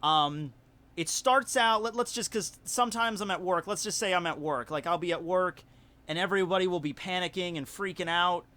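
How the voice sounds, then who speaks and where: A man with a Southern US accent, telling a story in casual livestream chat, rambling and animated with lots of fillers. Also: high voice, normal speed. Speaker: YouTuber hosting a livestream.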